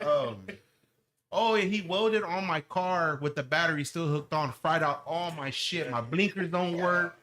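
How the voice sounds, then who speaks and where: A man and lowrider owner, ranting heatedly in casual podcast chat, with slang and heavy swearing. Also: unhurried, fairly bright tone.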